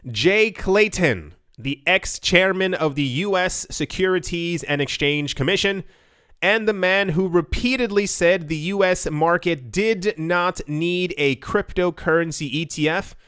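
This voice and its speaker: Guy riffing on investing news, kinda high smooth voice, stumbles over words a lot, dry sound. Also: a little slow, a bit bright, dry recording. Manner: rambling and jokey, stammers and repeats words. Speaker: crypto investing YouTuber. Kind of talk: casual monologue reading and commenting on news.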